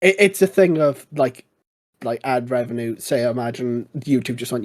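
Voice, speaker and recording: Husky, opinionated podcast man. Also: medium pitch, normal speed, darkish tone. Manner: opinionated, acts out quotes. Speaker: podcast co-host. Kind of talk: casual chat.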